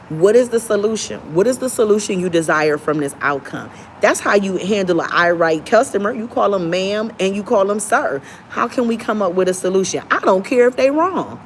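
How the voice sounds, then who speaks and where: A young woman gives an emphatic, opinionated rant straight to the camera, now and then dropping into a soft, polite customer-service voice. Her pitch sits mid-range for a woman. A faint hiss of noise runs underneath. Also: animated, normal speed. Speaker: travel vlogger.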